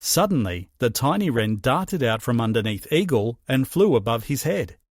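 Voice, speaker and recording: A man narrating a children's storybook with an expressive reading. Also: medium pitch, moderate pace, no room sound, studio quality.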